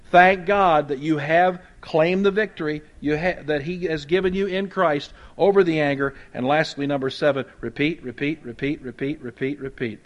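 A man preaching a sermon as a Baptist pastor, conversational and folksy, with humorous asides, swinging between loud emphasis and soft quiet moments. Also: fairly high pitch.

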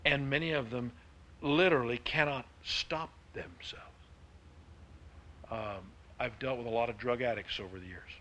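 Emphatic preacher man, bright voice. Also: medium pitch, moderate pace, slight background noise. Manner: emphatic preaching, swings between hushed and loud. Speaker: pastor. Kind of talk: sermon.

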